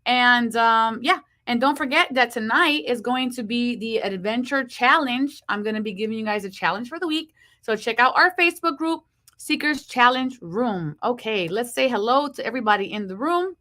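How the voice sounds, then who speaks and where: A woman's voice: fairly high pitch, expressive. A woman hosting a live horoscope stream, talking with a slight lisp from braces and greeting viewers by name. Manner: slow hushed reading of card messages. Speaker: host.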